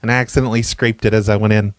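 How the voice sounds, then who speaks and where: A man hosting a comedy show, making prank phone calls in a stammering, mock-apologetic, deadpan way. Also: lowish voice, racing, no echo. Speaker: prank caller and show host.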